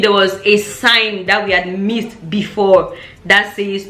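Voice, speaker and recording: A woman from Cameroon, telling a storytime vlog in an animated way and acting out the voices of the people she quotes. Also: mid-range voice, unhurried. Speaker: YouTuber. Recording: roomy echo.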